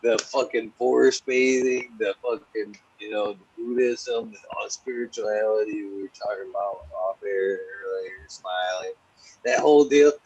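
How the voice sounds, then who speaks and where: A man's voice: lowish voice, a little slow, husky, highs cut off. A man telling stories in casual, profane podcast chat, laughing often. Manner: profane, laughing, animated storytelling. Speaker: podcast host.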